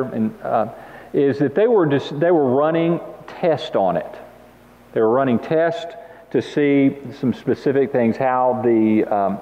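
A man preaching a sermon, telling stories with lively emphasis and asking the congregation to repeat after him. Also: medium pitch. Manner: animated storytelling, laughs, calls for audience response. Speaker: pastor. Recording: muffled sound with long hall reverb.

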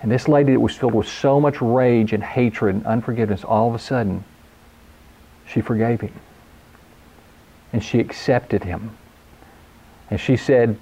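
A man's voice: medium pitch, fairly even intonation, moderate pace, gravelly, pauses often, mellow, husky. A man preaching a sermon, speaking earnestly and driving points home with repeated phrases. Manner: earnest preaching, quotes scripture, emphatic repetition. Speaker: pastor.

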